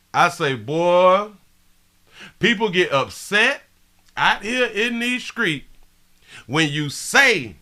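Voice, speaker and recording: A male live-stream host with a high, ringing voice and a piercing brightness. He talks in an excitable, slangy way, reading out viewers' greetings and repeating his catchphrases over and over. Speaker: livestream show host. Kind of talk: live stream commentary and chat shout-outs.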